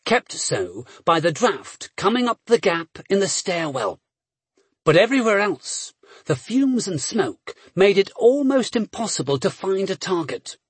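A man reading an adventure novel aloud as a narrator, measured and steady, with brief voiced dialogue. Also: high-pitched, slightly rough, no echo. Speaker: audiobook narrator. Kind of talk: scripted narration.

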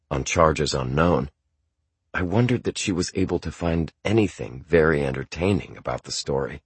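A man reading a first-person novel aloud in a measured, reflective way. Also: a bass voice, slightly rough, dry recording. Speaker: audiobook narrator.

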